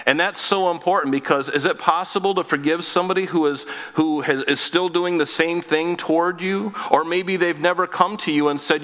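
A man with a fairly high voice preaches from the pulpit in a church sanctuary. He reads scripture and then explains it with friendly asides to the congregation. The sound carries a long hall reverb. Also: fairly bright tone. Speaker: pastor. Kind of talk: expository sermon.

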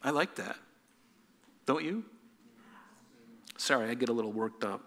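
A man preaching a sermon as pastor, animated and full of rhetorical questions. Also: medium pitch, unhurried, long reverb tail.

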